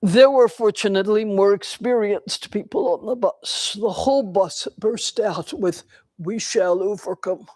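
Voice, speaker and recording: An older woman giving a dharma talk in a temple, telling a personal story in a slow, reflective way with pauses. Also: medium pitch, a little mellow, no room sound. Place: temple hall.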